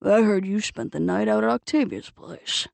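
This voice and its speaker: A woman voicing a combative older man with a loud, bossy manner in an audiobook. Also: sits high, moderate pace, vocal fry, no echo. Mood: angry. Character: gruff older man, bushy-browed and combative.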